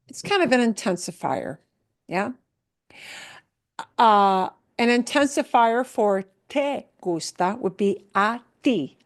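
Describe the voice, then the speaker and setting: A woman teaching Spanish in an online class, who explains patiently and repeats her points. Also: medium pitch. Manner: patient, explains slowly with repetition.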